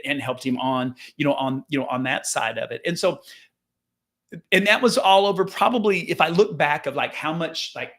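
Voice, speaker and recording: Middle-aged male coach, fairly high voice, loose rambling storyteller who acts out the dialogue. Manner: rambling, many restarts, lively quoted dialogue. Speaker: business coach and real estate agent. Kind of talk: casual storytelling monologue.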